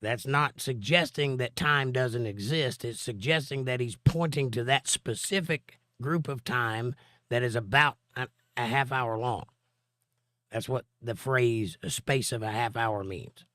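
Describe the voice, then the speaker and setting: A man's voice: mid-range voice, measured pace, sharp tone, no echo, studio quality. A man with laryngitis hosting a live stream, reading viewer comments aloud and answering them with long Bible explanations. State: hoarse from laryngitis. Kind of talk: casual live-stream chat and Bible teaching.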